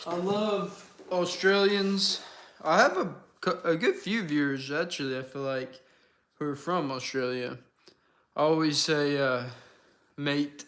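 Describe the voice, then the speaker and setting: A man's voice: medium pitch, fairly bright tone. A young man hosting a casual livestream, chatting with his viewers and answering their comments while he works. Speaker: livestream host.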